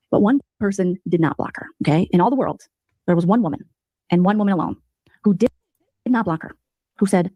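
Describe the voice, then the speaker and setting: Animated, fast-talking sarcastic woman. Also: medium pitch, breathy edge, dry recording. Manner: sarcastic, mocking, animated storytelling. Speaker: commentary streamer. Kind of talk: gossipy commentary.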